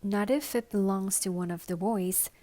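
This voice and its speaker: A woman's voice: medium pitch, dark tone, natural voice. A woman doing a firm, patient mother. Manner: firm, measured. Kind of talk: bedtime story reading.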